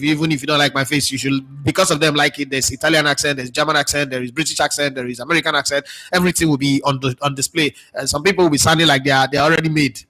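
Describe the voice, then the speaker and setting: Hosting a casual live football talk show, this sports talk host reads out viewer comments, adding sarcastic, chatty asides and plenty of fillers. His voice is a little high, bright, and forceful.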